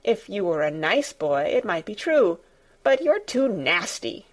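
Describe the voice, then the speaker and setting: A woman doing a stubborn, sharp-tongued girl. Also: mid-range voice, sing-song, a little slow. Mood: sour. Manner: sharp, obstinate, unsympathetic. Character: stubborn fierce-tempered young girl, sour and blunt.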